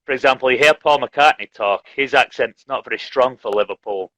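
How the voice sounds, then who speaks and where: A man's voice: medium pitch, fairly quick, pushed and bright, no room sound, low-quality recording. A man from Leeds, a teacher chatting casually and laughing often on a live stream. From Leeds, England. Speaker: English teacher, host. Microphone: video call.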